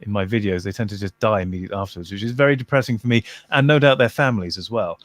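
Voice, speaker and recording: Man, low voice, hesitant with lots of ums, dry close sound. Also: rapid-fire, dry recording. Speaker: video creator. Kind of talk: casual chat.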